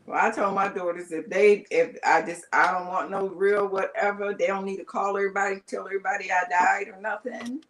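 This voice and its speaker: An older woman chatting casually, telling stories in an animated, emphatic way. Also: mid-range voice, a little fast, hardly any pauses, noisy background. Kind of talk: casual chat.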